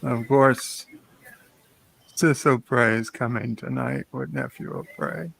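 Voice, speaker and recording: A tired, sleepy man chatting casually on a morning show, speaking haltingly with many pauses. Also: medium pitch, lively intonation, creaky, fairly bright tone, no echo.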